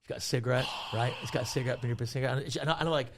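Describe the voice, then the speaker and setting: A man in his forties, a guest comedian, telling a story in an animated way, swearing freely and acting out other people's voices. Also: mid-range voice, very fast, creaky, background noise. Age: 40s. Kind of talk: casual storytelling.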